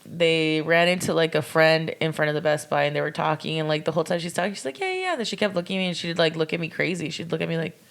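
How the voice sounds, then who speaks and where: Woman with a low, gravelly voice. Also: little pitch movement, quick pace, few pauses. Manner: storytelling, casual swearing. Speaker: podcast co-host. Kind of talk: casual chat.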